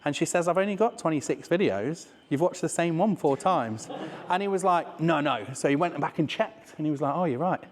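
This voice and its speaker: A man's voice: a little high, animated, fairly quick, few pauses, big-room sound, a little hiss or hum. A man with a Leicester accent giving a casual, swearing business talk to a live audience, often asking "right?". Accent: Leicester English. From England. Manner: chatty and swearing, with many "right?" asides. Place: room with an audience.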